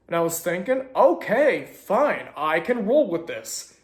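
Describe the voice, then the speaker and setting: Animated young man, high voice, echoey room. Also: a little slow. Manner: animated, sarcastic asides. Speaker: storytelling video host. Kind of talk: casual storytelling narration.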